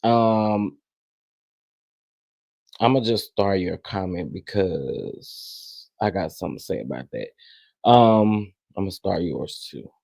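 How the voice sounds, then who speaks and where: A man hosting a casual live stream, greeting chat viewers one by one and sounding irritated, with halting restarts. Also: fairly low pitch, a little mellow, no echo. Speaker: livestream host. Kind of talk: casual livestream commentary.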